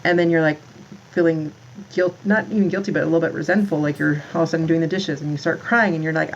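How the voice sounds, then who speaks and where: A woman's voice: deep voice, fairly even intonation, fast, dull audio, a little hiss or hum. A woman in her thirties, a podcast guest, talking in a rambling way about motherhood, full of "like" and restarts. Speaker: podcast guest, founder of a moms' community. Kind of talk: casual interview talk.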